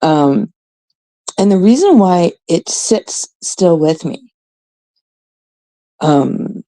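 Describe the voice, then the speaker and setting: A woman's voice: fairly low pitch, animated, very slow, dark tone, rough recording. A woman in her thirties, a host from Canada, telling a rambling, casual story full of swearing and quoted voices. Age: 30s.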